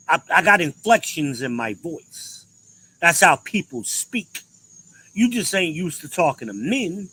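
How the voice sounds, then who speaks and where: Blunt, profane man ranting with bright tone. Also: on the high side, slightly rough, poor audio. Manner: blunt, profane, emphatic inflections. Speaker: podcast host. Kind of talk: ranting commentary.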